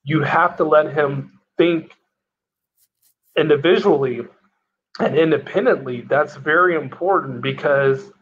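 A man who is a guest on a casual podcast chat, giving his opinions in a measured, matter-of-fact way. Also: a little high, a bit bright, dull audio.

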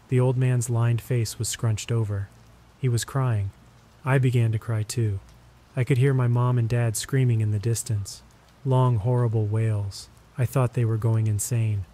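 A man narrating horror stories in a steady, measured, scripted delivery. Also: medium pitch. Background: rain.

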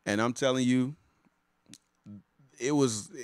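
A man's voice: medium pitch, slow pace, clean tone, no room sound, clean studio sound. A man, a pastor and life coach, talks casually to viewers of a live stream, repeating words and greeting them by name as he goes. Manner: warm, chatty, repeats words and restarts often.

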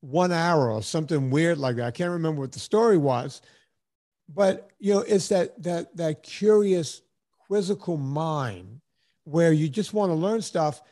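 Animated storytelling man in his fifties. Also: a little high, a little slow. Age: 50s. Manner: rambling, animated, acts out quoted voices. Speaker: podcast host. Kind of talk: casual storytelling chat.

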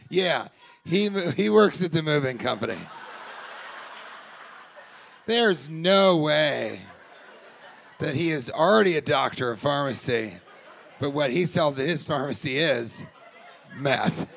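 Gravelly, bright-voiced male comedian doing crowd work. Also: fairly high pitch, expressive, slow, pauses often, a little hiss or hum. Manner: riffing, teasing audience members, laughing often; shouts punchlines loudly. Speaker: stand-up comedian. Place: live comedy club.

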